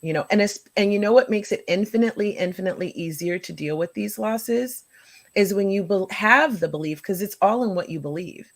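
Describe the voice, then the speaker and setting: A woman's voice: mid-range voice, fairly quick. Rambling woman hosting a live show. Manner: rambling, thinking aloud. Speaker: host.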